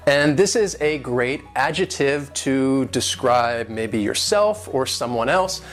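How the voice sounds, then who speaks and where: Man, English lesson, careful syllable-by-syllable explanations, average pitch, faint background music. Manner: clear, patient, spells out syllables and stress. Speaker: English teacher. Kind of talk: vocabulary and pronunciation lesson.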